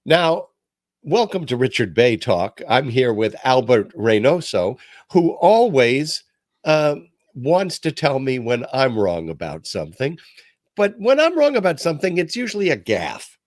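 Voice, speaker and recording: An older man hosts his talk podcast with lively, swooping pitch. He tells stories with self-deprecating humor. The sound is close and dry, with no room around it. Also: unhurried, no echo. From New York. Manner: storytelling, animated and self-deprecating. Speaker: podcast host. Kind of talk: casual chat.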